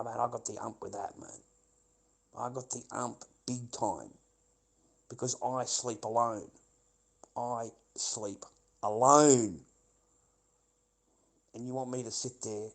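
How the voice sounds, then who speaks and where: A man's voice: mid-range voice, vocal fry, breathy edge, rough recording. A middle-aged man, giving a rambling, bitter and heavily profane livestream monologue that loops back on the same points.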